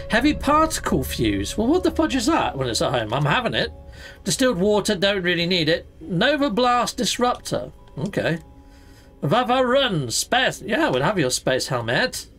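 A man's voice: high voice, fairly bright tone. A man hosting a let's play, chatting playfully as he loots and fights, full of exclamations and mild mock swearing. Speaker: gaming channel host.

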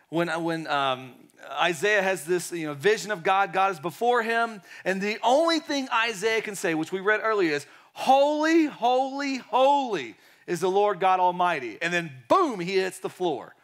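Guy preaching a sermon, kinda high voice, gets loud then goes real quiet, acts out the quotes. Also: normal speed, hardly any pauses. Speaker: pastor.

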